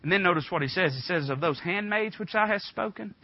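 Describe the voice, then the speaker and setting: A man preaching a sermon, telling folksy stories and building up to loud, fervent preaching. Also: high voice, lively intonation, a little fast, no room sound, highs cut off.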